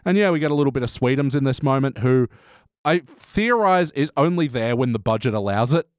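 A man co-hosting a casual rewatch chat, laid-back and quick to laugh. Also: mid-range voice, lively intonation, no echo, clean studio sound. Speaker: podcast co-host.

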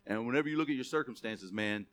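A man's voice: mid-range voice, quick pace, a bit bright. A man preaching a sermon, conversational and then emphatic, calling on the church to repeat key words. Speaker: pastor.

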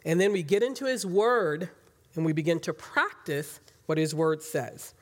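A woman's voice: low-pitched, normal speed. A woman giving a sermon, teaching from the Bible in an earnest, emphatic way with fillers and light laughs.

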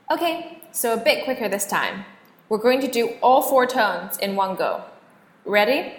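A woman teaching a beginners' language lesson, hosting the show and drilling sounds with clear, exaggerated tones and pauses for repeating. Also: a little high, lively intonation, reverberant. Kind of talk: slow drilled pronunciation lesson.

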